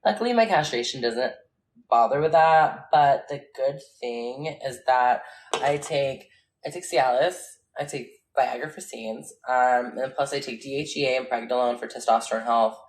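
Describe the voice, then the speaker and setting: Very low-voiced woman chatting candidly. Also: moderate pace. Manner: candid, rambling, laughs often. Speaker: livestreamer answering viewer comments. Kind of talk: casual livestream chat. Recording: echoey room.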